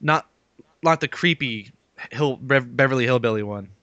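A man co-hosting a casual podcast, talking in a quick, jokey way and laughing often. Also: medium pitch, pushed and bright, no echo, highs cut off. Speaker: podcast co-host. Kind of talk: casual chat.

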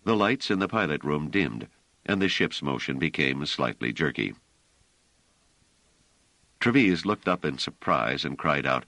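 A male narrator reading an audiobook in a deep, very lively voice. His delivery is measured and expressive, recorded dry and close with no room sound. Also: vocal fry, no echo. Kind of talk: scripted narration.

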